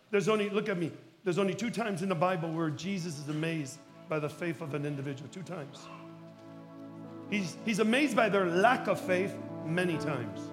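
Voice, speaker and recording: A male pastor from Chicago preaching a sermon, telling a story and acting out the dialogue, with bursts of shouting for emphasis. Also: high voice.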